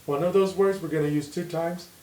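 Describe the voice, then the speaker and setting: A man teaching a grammar lesson, dictating sentences slowly and reading out the punctuation. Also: fairly high pitch, fairly even intonation, darkish tone. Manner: slow, deliberate dictation, reading punctuation aloud. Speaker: English teacher. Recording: echoey room with faint hiss.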